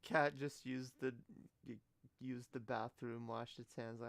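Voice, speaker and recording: A woman's voice: extremely low pitch, fairly even intonation, a little slow. A woman streamer in a casual live-stream reaction, giggly and gushing, often exclaiming and trailing off mid-sentence.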